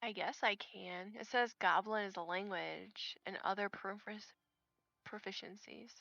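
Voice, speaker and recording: A woman playing in a tabletop game, chatting in a slow, giggly, drawn-out way. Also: medium pitch, steady tone, gravelly, a bit bright, dry recording, muffled recording. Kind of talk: casual game chat.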